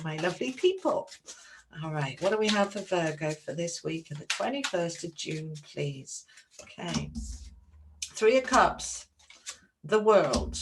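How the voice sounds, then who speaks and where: Woman tarot reader, chatty and excitable, lowish voice. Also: noisy background. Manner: warm, chatty, excitable, calls viewers darlings. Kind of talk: casual tarot reading to camera.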